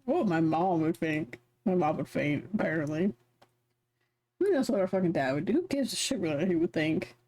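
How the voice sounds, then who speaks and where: Reading a game aloud on a live stream, this young woman talks casually between lines, rambling through stories and swearing freely. Her fairly low, mellow voice is animated and moves at a moderate pace.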